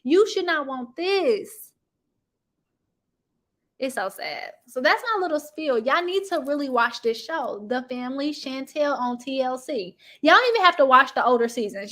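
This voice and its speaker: A woman hosting a casual reality-TV gossip chat, animated and chatty, talking straight to her viewers. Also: high-pitched. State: sniffling from allergies. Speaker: YouTube commentary host.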